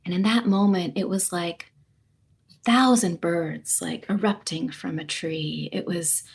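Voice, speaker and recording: A woman's voice: lowish voice, steady tone, a little slow, creaky, breathy edge. A woman as a podcast guest, telling a personal story in a vivid, heartfelt way, with laughs between phrases.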